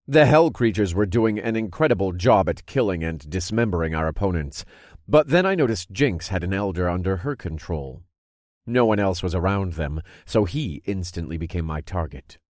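A man narrating a dark fantasy story in the first person, steady and low-key. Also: moderate pace, no room sound, clean studio sound.

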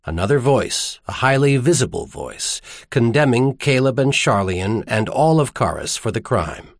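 Expressive male audiobook narrator. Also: mid-range voice, dry recording, studio quality. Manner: expressive, measured storytelling.

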